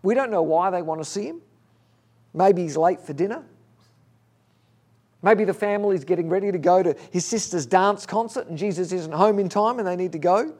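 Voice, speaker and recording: High-voiced man preaching. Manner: conversational, animated storytelling with restarts. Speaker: pastor. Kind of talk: sermon.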